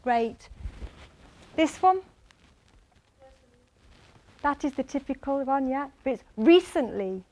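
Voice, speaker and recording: High-voiced Mancunian woman teaching English. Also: takes it slowly, long pauses. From England, Manchester. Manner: animated, quizzes the audience by name. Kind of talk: lively classroom lecture. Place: lecture hall.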